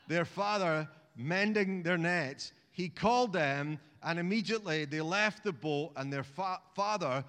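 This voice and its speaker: A man's voice: on the high side, a little slow, a bit bright, big-room sound. A man preaching a sermon in a chatty, humorous way, often restarting phrases and calling on the congregation to repeat words. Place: church.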